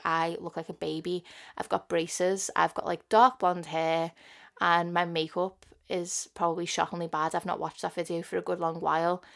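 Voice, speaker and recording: A young woman in her early twenties speaks with a strong Scouse accent. Her voice sits low, with a gravelly fry that creaks through her words. She chats loosely on her own podcast, rambling from thought to thought in a flat, even tone with plenty of filler words. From Liverpool, England. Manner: chatty, rambling, many "like" fillers. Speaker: podcast host. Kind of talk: casual solo podcast chat.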